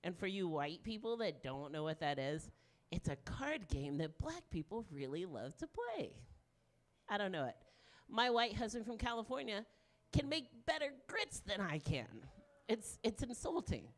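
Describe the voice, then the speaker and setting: Lively, frank woman doing stand-up. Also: medium pitch, moderate pace. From Deep South of the US. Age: 40s. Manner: frank, self-mocking, animated punchlines. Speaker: stand-up comedian. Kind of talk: stand-up set.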